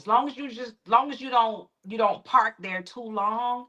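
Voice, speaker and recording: A woman's voice: on the high side, normal speed, bright, forceful tone, highs cut off. A woman, a choir director guest, talking casually and encouragingly with preacherly emphasis. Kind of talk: casual conversational chat.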